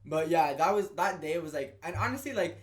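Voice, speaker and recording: Young male guest, quick animated storyteller, casual, talks fast. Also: fairly high pitch. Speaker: podcast guest.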